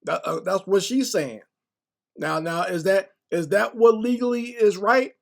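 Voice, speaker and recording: A man talks over a clip in casual reaction commentary. His voice sits a little high for a man. He is sarcastic, stacks rhetorical questions and stumbles over repeated words. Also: unhurried, creaky.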